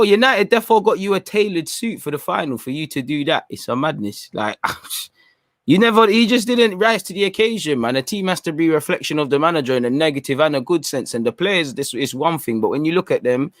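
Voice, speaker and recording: Fast-talking co-host, dry sound. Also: male voice, on the high side, expressive, a bit bright, no echo. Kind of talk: casual football chat.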